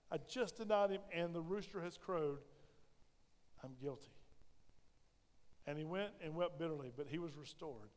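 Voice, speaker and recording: Male pastor, high voice, sermon in a reverberant sanctuary, swings between loud emphasis and soft asides. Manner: preaching with rising emphasis and soft drops. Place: church sanctuary.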